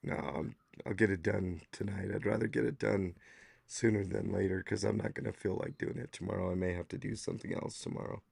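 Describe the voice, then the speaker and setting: A man hosting a casual podcast livestream, hoarse and losing his voice, rambling with lots of fillers. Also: sits low, steady tone, brisk, a little mellow, no room sound. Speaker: podcast host.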